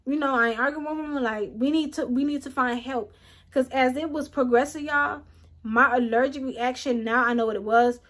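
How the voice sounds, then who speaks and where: A young woman tells a storytime vlog. Her voice sits high, and she speaks straight to the viewers in an animated, chatty way. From Atlanta, USA. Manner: animated, talks straight to viewers, acts out quotes. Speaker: vlogger.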